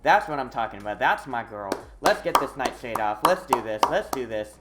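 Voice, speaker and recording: A streamer giving live commentary on a video game, excitable and full of hesitant fillers. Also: medium pitch, brisk, loud music behind the voice. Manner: excitable, swings from quiet muttering to loud whooping.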